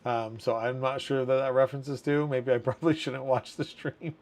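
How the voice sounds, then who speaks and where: A man's voice: medium pitch, steady tone, a little fast, a little mellow. A man in his thirties hosting a casual livestream chat, reading viewer comments aloud and laughing often. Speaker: community manager hosting a livestream.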